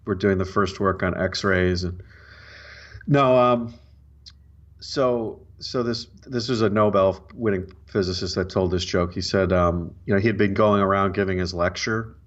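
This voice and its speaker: A man's voice: sits low, a little slow, muffled recording. A man co-hosting a podcast, a dry, joking storyteller who halts and restarts. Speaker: podcast co-host. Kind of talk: casual chat and joke telling.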